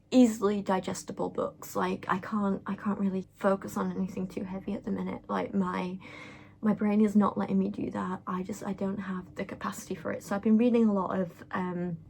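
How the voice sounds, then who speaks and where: A woman's voice: medium pitch, little pitch movement, normal speed, creaky, warm tone, slight background noise. A young woman chatting casually to camera, rambling with lots of fillers as she vlogs. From England. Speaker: vlogger.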